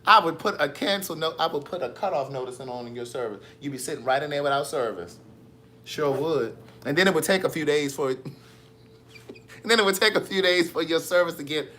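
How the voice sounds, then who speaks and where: A man hosting a casual live stream, reading viewer comments with sassy, animated storytelling. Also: fairly high pitch, brisk.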